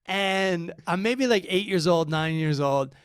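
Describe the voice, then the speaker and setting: A man's voice: sits high, lively intonation, measured pace, smooth, no echo. A man co-hosting a podcast in casual chat, laughing often and telling stories with animation. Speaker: podcast co-host.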